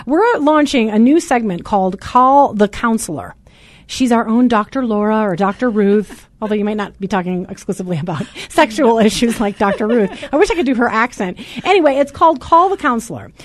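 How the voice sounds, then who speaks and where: Loud, chatty woman hosting talk radio. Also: a little high, animated, a little fast. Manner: loud and chatty, says so herself. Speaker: radio show host. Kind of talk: casual talk radio chat. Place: radio studio.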